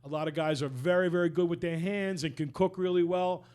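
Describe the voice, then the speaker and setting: A man with a New York accent, a chef hosting a podcast, telling a story in a lively way and acting out quotes. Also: on the high side, fairly quick, smooth. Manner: animated storyteller, acts out quotes loudly. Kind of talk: casual storytelling chat.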